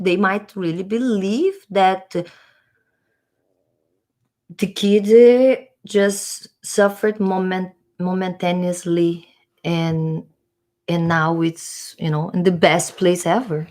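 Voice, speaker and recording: A woman's voice: mid-range voice, a little mellow. Rambling, hesitant woman vlogger. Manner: rambling, hesitant, searching for words. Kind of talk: casual musing monologue.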